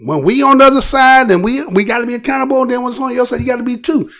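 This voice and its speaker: High-voiced gravelly man giving commentary. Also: racing. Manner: rhetorical, repeatedly asks "right?"; animated, restarts and trailing phrases. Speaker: commentary show host. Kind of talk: casual news commentary.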